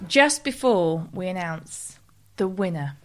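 A woman's voice: on the low side, lively intonation, takes it slowly, soft background music. A woman co-hosting a podcast with playful banter. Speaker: podcast co-host. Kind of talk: casual chat.

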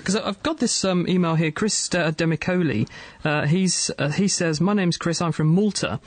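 A man hosting a radio science show in a studio, reading listener emails and questioning guests in a quick, jokey way. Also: high-pitched. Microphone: studio mic.

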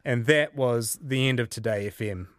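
A man's voice: mid-range voice, dry recording, studio quality. Earnest joking New man. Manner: earnest, quick to argue, joking. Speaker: media reporter. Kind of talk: casual radio chat.

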